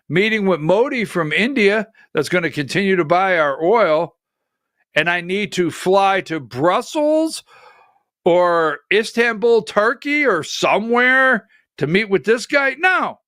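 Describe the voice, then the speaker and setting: A man's voice: high voice, bright, forceful tone, no echo, studio quality, full character voice. A man mimicking a smug, dismissive male head of state, boasting through sarcastic rhetorical questions.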